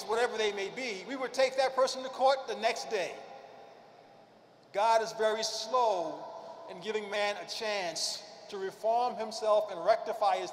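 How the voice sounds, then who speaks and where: A man giving a prepared religious speech at a convention, speaking emphatically and slowing down to stress key phrases. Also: high-pitched, slight background noise. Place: large convention hall. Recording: echoey hall with long reverb.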